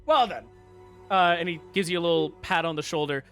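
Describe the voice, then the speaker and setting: A man's voice: fairly high pitch, steady tone, fast, fairly bright tone, soft background music. A man narrating as dungeon master in a casual, filler-heavy way. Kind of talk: narrating a tabletop game.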